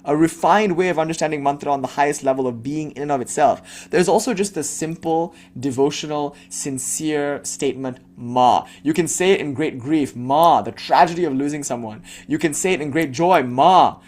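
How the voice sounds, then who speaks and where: A man's voice: fairly high pitch, brisk, hardly any pauses, a little mellow. A man giving a devotional talk as a spiritual teacher, turning into a blunt, impassioned rant that swears freely and mocks the people he imagines asking him questions.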